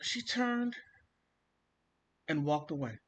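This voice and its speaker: A man vlogging, telling a family story in an animated, theatrical way and acting out the quotes. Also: on the high side, slow pace. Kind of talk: casual storytelling monologue.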